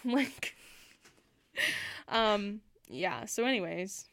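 A woman's voice: mid-range voice, moderate pace, a bit bright, clean tone, no echo, clean studio sound. A young Canadian woman chatting casually about a book, laughing often and using lots of fillers. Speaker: book podcast co-host. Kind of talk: casual chat.

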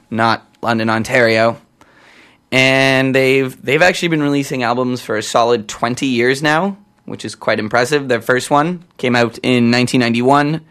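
On campus radio, a young man from Canada rambles through casual on-air chat, his mid-range voice bright and clean. He's chatty, drifts off topic, and keeps correcting himself.

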